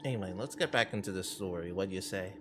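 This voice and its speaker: With game music running under him, a deep-voiced man talks fast while streaming a video game. His commentary is casual and full of laughter.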